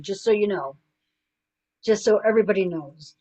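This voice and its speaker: A woman's voice: mid-range voice, normal speed, a little mellow, highs cut off. A middle-aged woman, a guest coach, telling personal stories in an earnest, conversational way, full of "you know". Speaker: guest, suicide prevention coach. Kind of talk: conversational storytelling.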